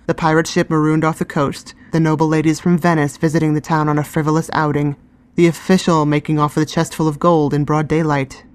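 A woman giving calm, scripted first-person narration of a fantasy story. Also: deep voice, brisk.

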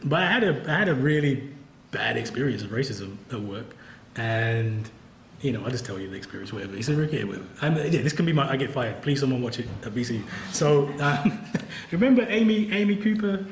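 A man's voice: mid-range voice, brisk, slight background noise. A man, a professor, speaking candidly and wryly at a book event, laughing often. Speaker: professor and author. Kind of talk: conversational talk at a book event. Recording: roomy event-hall sound.

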